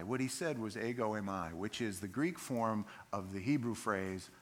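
A man preaching a sermon, telling a Bible story in an animated way and acting out its scenes as he goes. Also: on the low side, normal speed.

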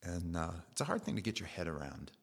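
A middle-aged male pastor gives an earnest, conversational sermon that drifts into personal stories. His very low, gravelly voice swings widely in pitch, and he talks fast.

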